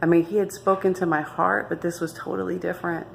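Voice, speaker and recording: A woman's voice: fairly low pitch, flat delivery, fast talker, gravelly, a little hiss or hum. A young woman earnestly telling her own life story to camera, emphatic and often restarting her sentences. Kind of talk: candid personal testimony.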